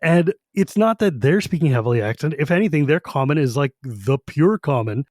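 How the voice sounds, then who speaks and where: A man's voice: fairly high pitch, animated, brisk, darkish tone, dry recording, clean studio sound. A man co-hosting a podcast in casual fan discussion, enthusiastic and rambling, swearing now and then. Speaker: podcast co-host.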